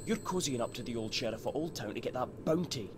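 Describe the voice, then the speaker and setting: A man acts out a smug Scottish bounty hunter in a game. He taunts in a broad accent, his pitch rising and dipping freely. Game noise hums behind him. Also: expressive, fast talker, close to an everyday voice. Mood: taunting. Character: cocky Scottish male bounty hunter assassin. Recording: game audio with background noise.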